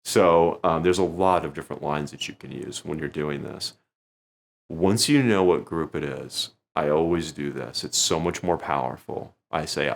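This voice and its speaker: A man teaching a magic routine in a conversational way, often acting out his stage lines with sudden lifts in pitch. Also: normal speed, vocal fry. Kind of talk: instructional talk.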